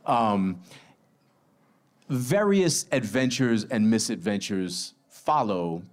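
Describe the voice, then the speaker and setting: A male author in a casual book talk. He summarizes his novel in a lively, self-deprecating way. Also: fairly low pitch, slow.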